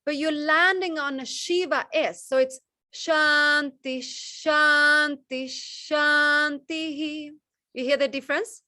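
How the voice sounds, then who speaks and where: A woman teaching Sanskrit chant pronunciation on a video call, gentle and encouraging, halting with many restarts. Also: high voice, no room sound.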